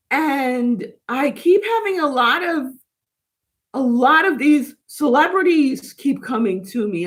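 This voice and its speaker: A woman with a fairly high voice, talking in a loose, rambling way on a spiritual livestream. She chats casually with viewers and reacts to their comments as they come in. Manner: rambling, chatty, reads and answers live comments. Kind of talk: casual live chat with viewers.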